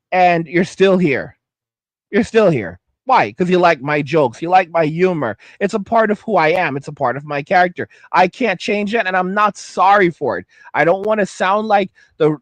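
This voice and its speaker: A man with a high voice delivers a heated, blunt rant on his own commentary channel. He often stumbles over words and restarts his sentences. The recording is dry and close, with no room echo. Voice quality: high-pitched voice. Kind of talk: ranting commentary vlog.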